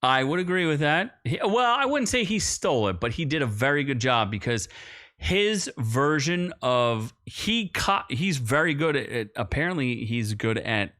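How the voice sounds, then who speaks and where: A man's voice: mid-range voice, moderate pace. A young man co-hosting a podcast, chatting casually about a film, rambling and cutting himself off mid-sentence. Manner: rambling, self-interrupting, animated when excited. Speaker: podcast co-host. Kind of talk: casual movie review chat.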